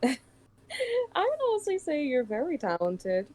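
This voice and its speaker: A woman's voice: high voice, sing-song, a little slow, a little mellow, slight background noise, poor audio. A woman who works as a voice actress, guesting on a livestream, chatting casually and playfully with many ums over remote voice chat.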